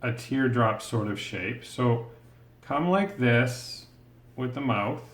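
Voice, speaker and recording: A man's voice: mid-range voice, slow. Patient man teaching drawing, roomy sound. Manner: patient, encouraging, thinks aloud while drawing. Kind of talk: step-by-step drawing tutorial. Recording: roomy echo.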